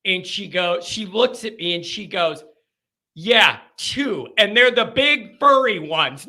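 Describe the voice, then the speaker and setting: A man with a very high, piercingly bright voice tells a rambling story on a live call-in show. He swings from low mutters to near-shouts and is loose and profane. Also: animated, slow pace. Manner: profane, rambling with many fillers. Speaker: host telling a story.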